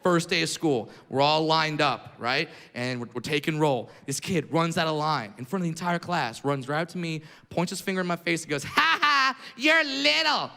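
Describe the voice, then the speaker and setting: A man's voice: fairly high pitch, a little fast, hardly any pauses. A man doing a profane, brash stand-up comedy routine on a club stage, with audience laughter behind him. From California. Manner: brash, profane, shouting punchlines. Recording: live club recording with crowd noise. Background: audience laughter and crowd.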